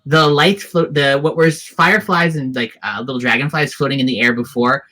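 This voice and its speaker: This is a game master narrating a tabletop adventure. The voice sits at a middle pitch, describing each scene in detail with frequent ums, uhs and restarts. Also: brisk, pushed and bright. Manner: descriptive, hesitant with fillers.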